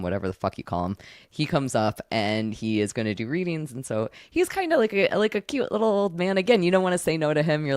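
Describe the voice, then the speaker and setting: Low-voiced woman telling a story on a podcast, swings up and down a lot, swears, dry sound. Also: smooth, dry recording. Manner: animated storyteller, swears freely. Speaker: podcast guest. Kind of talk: casual chat.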